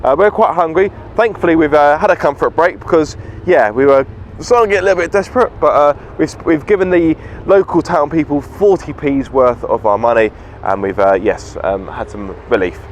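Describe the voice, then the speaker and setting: A man, hosting a car vlog in casual, deadpan joking chat. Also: on the high side, a little fast, a little hiss or hum. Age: 30s. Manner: playful, deadpan joking, stumbles over words. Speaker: vlog host. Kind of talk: casual chat while driving and on location. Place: small car on the road, then outdoors by the sea.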